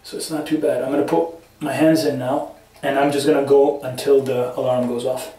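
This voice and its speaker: A man's voice: mid-range voice, little pitch movement, fairly quick, dark tone, a little hiss or hum. Shivering man talking from an ice bath. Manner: rambling, profane, self-talk between gasps. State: shivering, breathing heavily. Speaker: vlogger. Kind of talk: casual vlog narration. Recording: echoey bathroom, mic at a distance.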